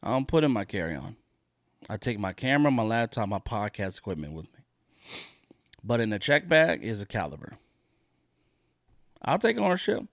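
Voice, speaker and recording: A man hosting a solo podcast rants profanely and indignantly, repeating his points for emphasis. His fairly low voice has big pitch swings, and he talks fairly quickly with frequent pauses. The studio-quality recording has no echo.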